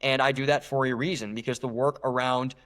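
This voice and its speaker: A young man talks as a guest on a podcast, earnest and emphatic. He often restarts his sentences as he builds a point. His voice sits at a middle pitch. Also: fairly even intonation, a little fast, fairly bright tone. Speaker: guest author. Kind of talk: podcast interview.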